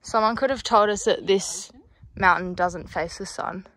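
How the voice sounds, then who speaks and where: A woman's voice: mid-range voice, a little slow, a bit bright. A young woman filming a casual hiking vlog on a mountain trail, chatty and sweary, talking into a handheld camera. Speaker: vlogger.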